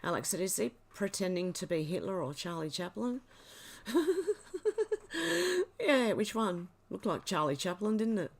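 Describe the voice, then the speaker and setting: Chatty woman reading comments. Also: on the low side. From Australia. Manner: chatty, reads comments aloud, laughs often. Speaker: livestream host. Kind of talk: casual livestream chat reading out viewer comments.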